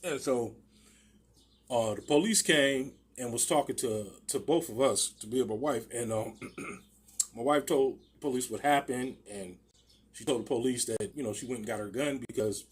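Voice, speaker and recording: Husky man telling a rambling story. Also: medium pitch, normal speed. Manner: profane, rambling, many restarts. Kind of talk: casual storytelling.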